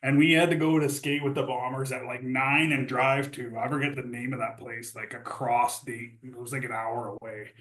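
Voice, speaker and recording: A man's voice: mid-range voice, level tone, normal speed, few pauses, a bit bright, roomy sound, low-quality recording. A man telling old hockey stories in casual podcast chat, laughing often and acting out quotes. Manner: laughing storyteller, acts out quotes. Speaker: podcast host.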